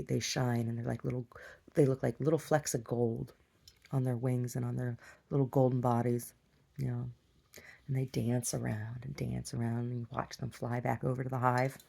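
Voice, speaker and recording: A woman's voice: very deep voice, creaky, warm tone. A woman talking casually in a rambling video diary, chatty and meandering, with frequent restarts. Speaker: video diarist.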